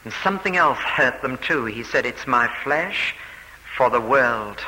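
A man's voice: mid-range voice, expressive, measured pace, bright, forceful tone, big-room sound, rough recording. A man preaching a sermon, explaining a passage step by step with emphatic repetition and quoted speech.

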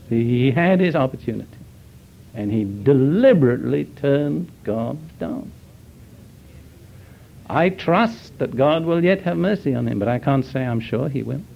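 An older man who grew up in Britain, preaching in an earnest, measured way as he tells a story, with deliberate pauses. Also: medium pitch, gravelly. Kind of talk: sermon storytelling. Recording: dull lo-fi recording.

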